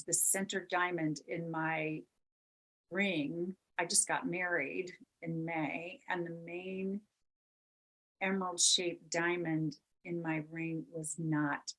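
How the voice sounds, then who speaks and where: A middle-aged woman with a fairly low voice hosts a podcast and tells a personal story. She talks in an animated way, stacks up repeated words for emphasis and laughs now and then as she goes. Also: poor audio. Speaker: podcast host.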